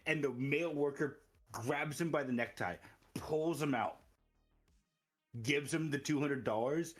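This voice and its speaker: A man acts as game master for an online tabletop game, narrating scenes in a somewhat high voice. He laughs often and swears freely. Faint music plays behind him. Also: a bit bright.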